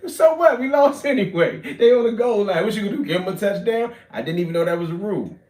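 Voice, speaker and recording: A man, telling prison stories in animated, profane street talk that swings from shouts to low mutters. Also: fast talker.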